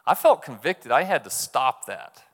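A man's voice: mid-range voice, sing-song, measured pace. A man preaching a conversational sermon, telling stories and often checking in with the congregation with "right?". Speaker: pastor. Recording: long reverb of a large hall.

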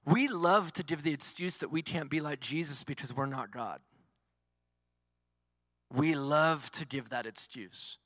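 A man's voice: a little high, a little slow, long pauses, a bit bright, dry recording, studio quality, in a large hall. A male pastor preaching a sermon, asking the congregation questions and answering them himself.

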